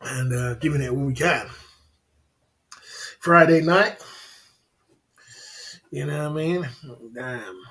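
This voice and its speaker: A man's voice: mid-range voice, steady tone, brisk, few pauses, poor audio. A man hosting a casual livestream chat, bantering in slang, laughing often and repeating his catchphrases. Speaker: livestream host.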